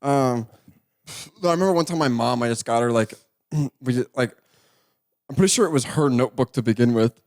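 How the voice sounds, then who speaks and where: A young man co-hosting a podcast in casual chat, jokey, asking lots of questions and laughing loudly. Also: mid-range voice, a little fast, long pauses. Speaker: podcast co-host.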